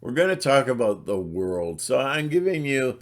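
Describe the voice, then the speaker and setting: A man's voice: medium pitch, big pitch swings, normal speed, noisy background. A middle-aged man ranting in a blunt, sarcastic monologue, rambling with restarts and putting on mocking voices. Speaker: channel host.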